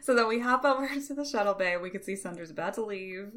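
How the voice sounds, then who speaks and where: A woman's voice: mid-range voice, fast, a little hiss or hum. A woman co-hosting a comic podcast, chatting casually and laughing often as she recaps the story. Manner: animated, laughs often, playful voices for characters.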